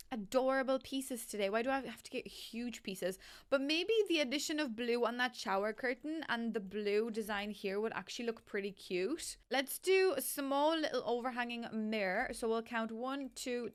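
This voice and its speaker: A woman casually commenting as she builds in a life-simulation game, thinking aloud, counting through items and amused at what she gets. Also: a little high. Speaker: game builder and channel host.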